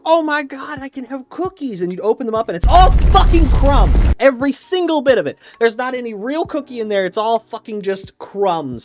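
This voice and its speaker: A man ranting casually and with mock certainty, swearing a lot and rambling through restarts. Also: high-pitched. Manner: opinionated, profane, mock-dogmatic. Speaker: YouTuber ranking snacks.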